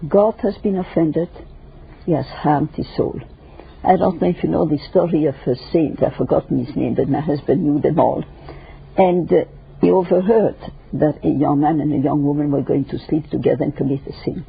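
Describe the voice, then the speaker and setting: An older woman guest in an interview discussion, speaking emphatically and lecturing in numbered points with a raspy, gravelly voice. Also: low voice, moderate pace. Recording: dull lo-fi radio recording.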